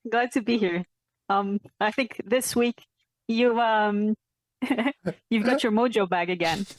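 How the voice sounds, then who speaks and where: A woman who regularly joins a podcast, chatting slowly and a bit hesitantly. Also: mid-range voice, low-quality recording. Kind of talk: casual chat.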